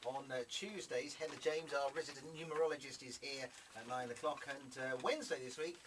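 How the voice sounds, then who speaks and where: A man hosts an evening radio show in the studio, talking quickly and loosely with lots of fillers. He sits a little back from the microphone, and there's a clear hiss of noise under the recording. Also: mid-range voice, far from the mic. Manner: chatty, rambling with fillers, eating while talking. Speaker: radio host. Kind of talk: casual local radio chat.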